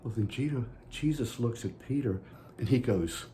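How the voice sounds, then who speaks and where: Speaking at a moderate pace in a dark, medium-pitched voice, a man delivers a children's message at church in a folksy manner. He tosses playful questions to the kids, and there is slight background noise.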